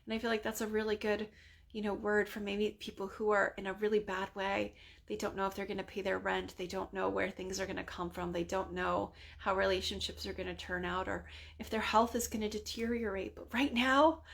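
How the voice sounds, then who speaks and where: A woman leading a spontaneous spoken prayer in an earnest, conversational way, full of casual fillers and sometimes dropping to a soft near-whisper. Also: medium pitch, level tone, fairly quick, gravelly. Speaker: prayer leader.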